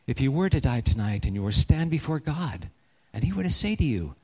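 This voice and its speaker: A middle-aged man preaching a sermon, telling a personal story earnestly and sinking to a hushed, slow voice for the serious parts. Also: medium pitch, very animated, breathy edge. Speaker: pastor.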